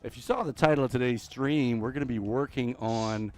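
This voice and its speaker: A middle-aged man hosts a casual gaming stream, chatting in an easygoing, joking way and leaning on fillers as he thinks aloud. His voice sits at an ordinary middle pitch for a man, heard close over a headset. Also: brisk. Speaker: streamer and host.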